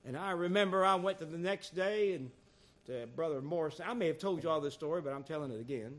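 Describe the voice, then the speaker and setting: A man preaching a sermon in a church, animated, dropping to soft asides and rising to loud emphatic calls. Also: on the high side, quick pace.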